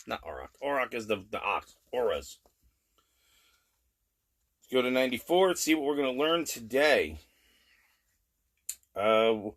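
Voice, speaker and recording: A blunt, plain-spoken middle-aged man talks at home in a casual daily update. He gets animated as he rants, with no polish to his delivery. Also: medium pitch, a little slow, long pauses. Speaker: vlogger.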